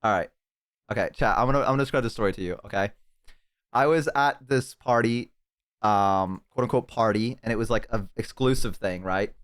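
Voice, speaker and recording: A man's voice: lowish voice, a little fast, clear, resonant tone. A man streaming from home on a headset, telling a story to his chat in a rambling, swearing, laughing way. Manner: profane, rambling, bursts of laughter.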